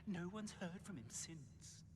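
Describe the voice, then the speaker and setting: A man's voice: sits high, animated, measured pace, a little mellow. An actor playing a fussy, aristocratic male portrait in a video game, speaking theatrically with rolled R's and a voice that swoops up and down. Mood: indignant.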